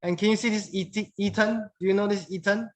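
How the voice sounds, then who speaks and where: High-voiced man teaching English grammar. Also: fairly even intonation, fairly quick. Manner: patient, repeats phrases, mixes in Mandarin words. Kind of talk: classroom grammar lesson.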